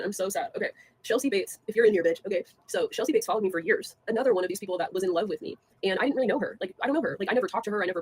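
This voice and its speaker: Fast-talking young woman ranting on stream. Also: medium pitch, a little mellow, breathy edge. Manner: fast, filler-heavy and scornful, laughing between jabs. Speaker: livestreamer. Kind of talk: casual livestream rant.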